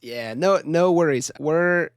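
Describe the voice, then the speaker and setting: A man in a podcast conversation who speaks in a relaxed, reflective way and laughs easily. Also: a little high, slow, clear, resonant tone, no echo, clean studio sound.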